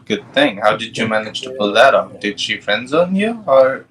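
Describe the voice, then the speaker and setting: A man's voice: medium pitch, very animated, normal speed, fairly bright tone, poor audio. A man co-hosting a casual podcast chat, joking crudely and playfully. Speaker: podcast co-host.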